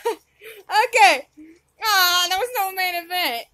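A woman narrating her gameplay live, her very high voice leaping up and down in lively swings. She talks slowly, but she is excitable and often breaks into squeals and laughter. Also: no room sound. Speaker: gaming channel host.

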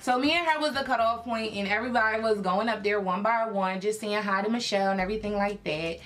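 A young woman from Philadelphia telling a personal story in a casual vlog, chatty and animated, full of fillers and acted-out quotes. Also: medium pitch, quick pace. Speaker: YouTube creator.

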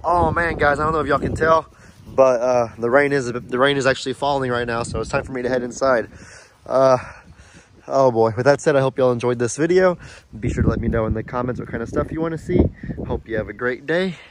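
A man filming a casual farm vlog outdoors on his phone, chatting in a rambling way and softly coaxing his animals. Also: medium pitch, a little fast. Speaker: farm vlogger. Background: light wind outdoors.

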